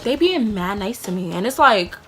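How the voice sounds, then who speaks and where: A young woman telling a personal story in a casual storytime vlog, animated and rambling, with lots of fillers and laughs. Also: medium pitch, moderate pace, music in the background. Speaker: vlogger.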